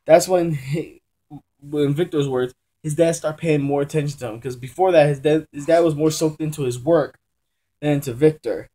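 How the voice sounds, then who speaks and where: A man's voice: fairly high pitch, warm tone. A young man casually reviewing a comic book at home, rambling and often correcting himself as he talks in loose slang. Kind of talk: casual chat. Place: room at home during a move.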